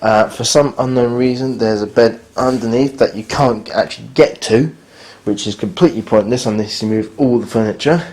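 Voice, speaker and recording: A man's voice: mid-range voice, normal speed, hardly any pauses, a little mellow. A man, filming a casual spoken review of his hotel room and grumbling bluntly about its faults.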